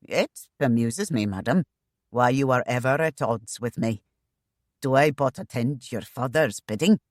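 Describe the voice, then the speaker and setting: A thin, stubborn male agent who pleads in formal words, voiced by a woman narrator. The voice stays low and unhurried, close and dry. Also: animated, a little mellow, no echo. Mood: pleading.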